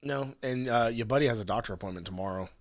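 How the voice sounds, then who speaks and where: A man's voice: mid-range voice, quick pace, no echo. A young man co-hosting a podcast, talking casually and swearing a lot as he tells stories. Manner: profane, animated storytelling. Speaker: podcast co-host. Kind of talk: casual chat.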